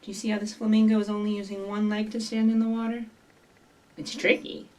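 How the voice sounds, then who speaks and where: A woman reading a picture book aloud and leading rhymes for young children, in an animated, sing-song way with bright bird calls and prompts to join in. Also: medium pitch, brisk. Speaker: children's librarian leading story time. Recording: voice from some distance from the mic.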